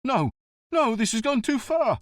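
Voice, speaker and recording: A man's voice: very high voice, big pitch swings, a little slow, no echo, studio quality, voice pushed up, heavily acted. A man voicing a nervous, defensive middle-aged boat captain who pleads and protests. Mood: upset. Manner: pleading, rising to alarm.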